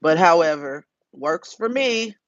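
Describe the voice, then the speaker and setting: A woman's voice: on the low side, animated, a little slow, no room sound. Blunt, profane woman on a livestream. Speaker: livestream host. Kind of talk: casual live-stream chat. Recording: dull, dry lo-fi phone audio.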